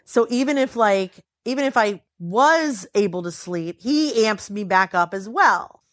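A woman's voice: measured pace, dry recording, clean studio sound. A tired woman telling a story in casual chat, acting out quotes with big swings in her voice. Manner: animated, acts out quotes with pitch swings.

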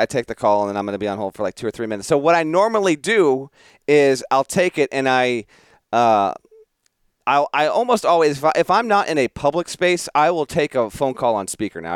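A man's voice: medium pitch, clear, resonant tone, dry recording. A man co-hosting a podcast, telling a story about himself in casual chat, self-mocking and laughing at his own antics. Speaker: podcast co-host.

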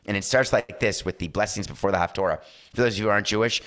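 A man in his fifties rants through a sports talk monologue with sarcastic energy. His voice sits a little low, and he keeps the delivery lively and opinionated. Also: racing. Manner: animated, sarcastic, slips into mock voices.

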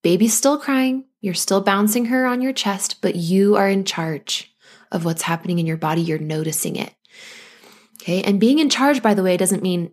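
A woman hosting a podcast as a postpartum coach, speaking gently and reassuringly to listeners, acting out anxious thoughts in quick asides. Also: mid-range voice, expressive.

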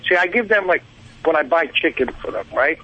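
A man's voice: fairly high pitch, expressive, brisk, husky, muffled recording. A man with a Brooklyn accent calling in to a radio show, a truck driver who talks in a rambling, chatty way. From New Jersey. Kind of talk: phone-in chat.

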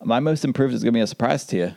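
A man's voice: mid-range voice, lively intonation, racing, creaky, a little mellow. A man hosting a casual sports podcast, upbeat and joking as he leads the talk. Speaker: podcast host.

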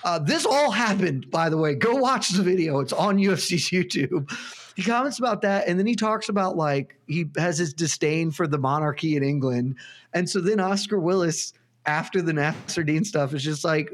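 A man, talking casually on a sports podcast. He rambles through long, animated tangents and swears now and then. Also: sits high, normal speed. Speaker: podcast panelist. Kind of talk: casual chat.

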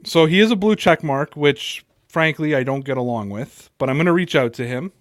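A man's voice: fairly high pitch, expressive, fairly quick, no room sound, clean studio sound. A man with an American Italian accent hosting a casual sports podcast over a video call, joking and trailing off mid-sentence. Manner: loose, joking, trails off and restarts. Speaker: podcast host. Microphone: computer mic on a video call.

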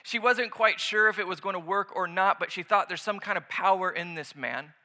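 A man preaching a sermon, lively and conversational, acting out voices when he tells stories. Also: sits high, brisk. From United States. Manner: animated, acts out voices in anecdotes. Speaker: pastor.

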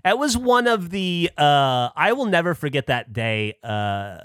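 Male podcast co-host, teasing, lively pitch. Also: unhurried, smooth, no echo, studio quality. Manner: wry, teasing, laughs often. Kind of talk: casual chat. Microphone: studio mic, remote recording.

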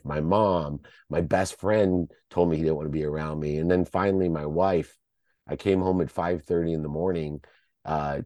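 Recorded dry and at studio quality, a middle-aged American man in a podcast guest spot recounts a personal story in a low, warm voice. His delivery is heartfelt and occasionally choked up, with repeated false starts.

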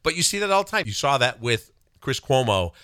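A man's voice: mid-range voice, very animated, brisk, bright, forceful tone, clean tone, no room sound, clean studio sound. A man co-hosting a talk show, chatting casually about sports, jumping up into quoted voices. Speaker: co-host.

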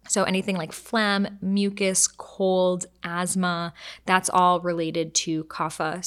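Woman expert, lively interview talk, shifts pace to illustrate points. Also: on the low side. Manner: animated explainer who acts out quoted voices and slows down to demonstrate. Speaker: Ayurveda expert and interview guest. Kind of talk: conversational podcast interview.

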